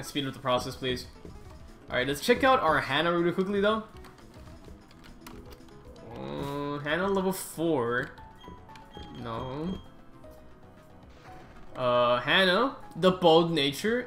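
A man giving casual, rambling gameplay commentary as host of his gaming channel, excitable and quick to groan and swear at the game. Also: on the high side.

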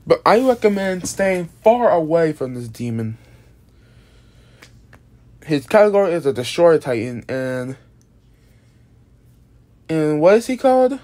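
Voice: mid-range voice, very animated, unhurried, pauses often, darkish tone. A casual video creator explaining an original monster character, rambling with many restarts and casual swearing, sounding tired. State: tired, yawning.

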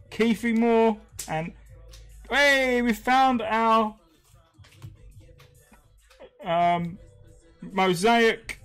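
A man's voice: high-pitched, fairly bright tone, smooth, rough recording. A British man hosting a live stream, chatting casually, reading names aloud and chuckling often. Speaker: host.

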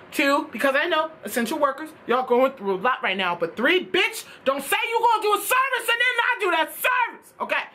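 A woman's voice: high voice, bright, forceful tone. A young woman telling a storytime tale in a casual, exasperated rant, swearing freely. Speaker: vlogger.

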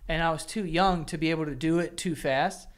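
A man's voice: on the high side, fairly quick, smooth. A man co-hosting a casual podcast, chatting loosely, swearing now and then and chiming in with jokes. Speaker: podcast co-host. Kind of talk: casual chat.

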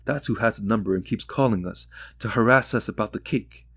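A man reading the part of a grieving mother whose voice turns raw and bitter with anger, raised and louder than his narration. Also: fairly low pitch, fairly quick, creaky, no room sound, studio quality. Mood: furious. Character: grieving furious mother, middle-aged woman.

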